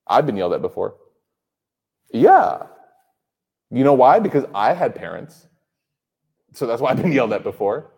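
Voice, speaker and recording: In a mid-range voice with a darkish tone, a man in his thirties delivers an Islamic sermon before a live crowd. He jokes, speaks conversationally, and frequently puts questions to the audience, all captured with hall reverb.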